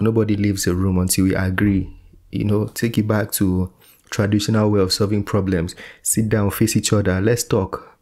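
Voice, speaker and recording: A man's voice: lowish voice, gravelly. A man giving casual, thoughtful reaction commentary, full of fillers. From Nigeria. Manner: relaxed, thoughtful, filler-heavy. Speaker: reaction channel host.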